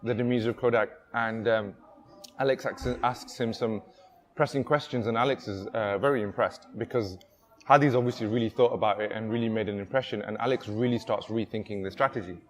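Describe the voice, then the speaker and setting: A man's voice: on the low side, brisk. Rambling male workshop storyteller. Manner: rambling, many fillers and restarts. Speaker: workshop speaker. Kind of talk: casual storytelling.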